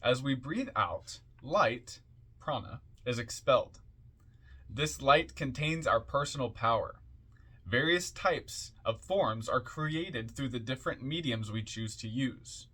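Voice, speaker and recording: A man reading passages from an occult book aloud in a measured, deliberate way, with offhand asides in between. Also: mid-range voice, expressive, bright, forceful tone.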